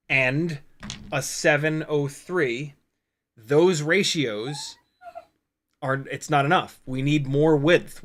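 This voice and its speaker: A man hosting a casual livestream from his computer at home. He talks slowly and unhurriedly and thinks aloud as he explains technical details, with a mid-range voice. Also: medium pitch, a bit bright. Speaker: livestream host.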